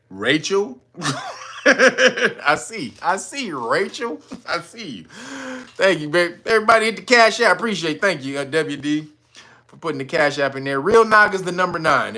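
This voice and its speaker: A male host riffing through a commentary stream, laughing and swearing often. His voice is high and bright, and it swoops widely as he gets animated. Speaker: channel host. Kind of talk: casual news commentary stream.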